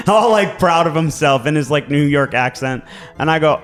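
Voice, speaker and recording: A man's voice: fairly high pitch, measured pace, soft background music. A man with a Baltimore accent, co-hosting a podcast and telling casual stories with laughs and swearing. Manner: animated storyteller, swearing, laughing. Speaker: real estate agent and podcast co-host.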